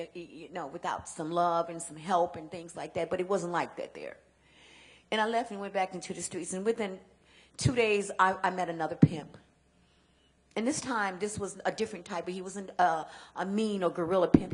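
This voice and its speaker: A woman from Chicago giving a personal testimony talk, earnest and emphatic, repeating key phrases and stumbling into restarts when the memories press in. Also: mid-range voice. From Chicago, United States. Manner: earnest storytelling with emphatic repetition; halting restarts when emotional. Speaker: guest speaker and advocate.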